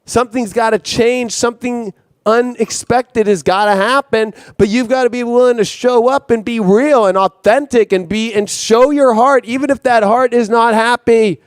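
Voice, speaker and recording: A man's voice: very high-pitched, steady tone, moderate pace, no echo, clean studio sound. A man giving an intense, profane astrology monologue as host, often repeating himself.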